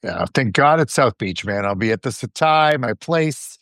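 A man's voice: mid-range voice, animated, moderate pace, fairly bright tone, no echo, studio quality. Easygoing man chatting on a podcast. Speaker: podcast co-host. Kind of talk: casual chat.

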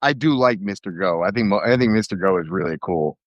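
A man's voice: sits low, animated, quick pace, no echo, highs cut off. A man in casual chat with friends, telling stories with energy and laughing at his own jokes.

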